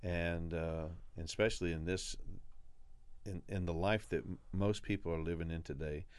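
Man, radio co-host, very low smooth voice, earnest preaching tone, dry sound. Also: fairly even intonation, moderate pace, no room sound. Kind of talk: casual faith talk on radio.

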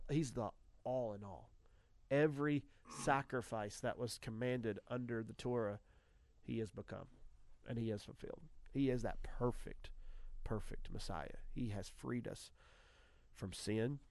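Male radio host, middle pitch, dry studio sound, animated and excitable with restarts. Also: measured pace, creaky, no echo. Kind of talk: casual chat.

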